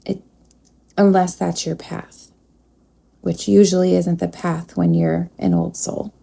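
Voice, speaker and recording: Her voice fairly low and level with vocal fry, a woman who works as a psychic medium speaks quietly in a spirit session, breaking off to address an invisible presence.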